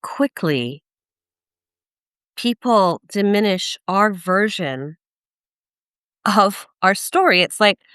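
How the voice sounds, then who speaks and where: A woman's voice: medium pitch, expressive, takes it slowly, pauses often, fairly bright tone, smooth, no echo, studio quality. A woman hosting an interview, making supportive, reflective comments to her guest. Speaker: podcast host. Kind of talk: casual interview chat.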